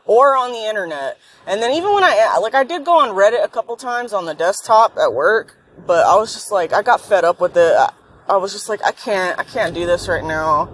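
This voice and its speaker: Animated and fairly quick, a medium-pitched woman rants in her car while driving, having not slept the night before. She vlogs in a casual, rambling monologue that's blunt, profane, and irritable, with faint road and vehicle noise behind her.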